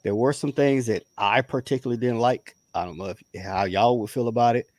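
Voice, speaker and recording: A man's voice: mid-range voice, fairly quick, a little mellow, no echo. A man from the Southern United States, co-hosting a casual review chat and stressing his points with repeated words. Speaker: podcast co-host.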